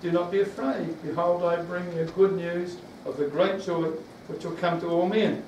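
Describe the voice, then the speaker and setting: NZ male preacher, fairly high voice, rambling sermon delivery, recorded far off in an echoey room. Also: fairly even intonation, moderate pace, darkish tone, slight background noise. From New Zealand. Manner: rambling, with restarts and questions to the congregation.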